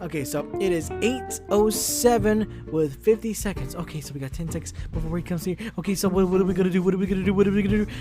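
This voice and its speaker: A man's voice: fast, few pauses, loud music behind the voice. A man hosting his own podcast, rambling casually with many hesitations. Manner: rambling, hesitant, low-key. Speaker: podcast host.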